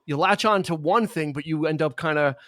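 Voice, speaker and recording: A man's voice: a little high, fairly quick, a bit bright, no echo, clean studio sound. A man co-hosting a film podcast, talking casually with many restarts and quoting lines. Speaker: podcast co-host.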